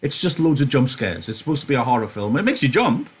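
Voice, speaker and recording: A man's voice: medium pitch, very animated, fast, breathy edge. A man teaching an online literature lesson, chatty and joking, interrupting his own reading to explain. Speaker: English teacher.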